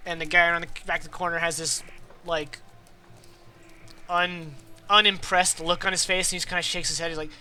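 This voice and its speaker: A man's voice: a little high, flat delivery, a little fast, long pauses, pushed and bright, a little hiss or hum. A man narrating a tabletop game as game master, casual, with fillers and chuckles. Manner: casual, laughing, many fillers and restarts.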